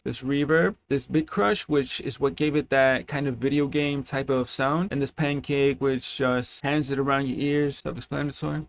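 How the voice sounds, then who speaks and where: Young male producer, relaxed slangy tutorial voice, mid-pitched. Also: vocal fry. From Mexico. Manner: laid-back slangy chatter, says "bro" often. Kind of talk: casual screen-recorded tutorial.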